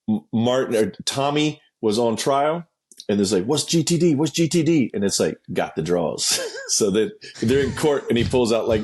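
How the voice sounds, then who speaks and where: A man telling a story as a guest in a casual interview, acting out quotes with sudden jumps in pitch, swearing freely and laughing as he goes.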